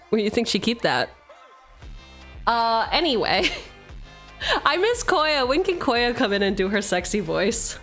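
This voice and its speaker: A woman's voice: fairly high pitch, very animated, a little slow, long pauses, a bit bright, soft background music. A woman streamer chatting casually and swearing freely while opening card packs, laughing often.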